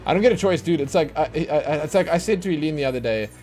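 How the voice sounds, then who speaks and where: A man's voice: fairly high pitch, animated, rapid-fire, darkish tone. A man chatting casually while streaming a game, tired from lack of sleep and rambling in a chatty, self-mocking way. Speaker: let's play streamer. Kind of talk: casual chat while gaming. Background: faint game music.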